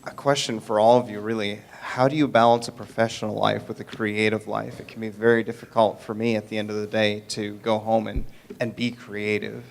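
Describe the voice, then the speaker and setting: A man's voice: fairly low pitch, level tone, brisk, vocal fry, hardly any pauses. A man in a convention audience politely asking the panel an earnest question.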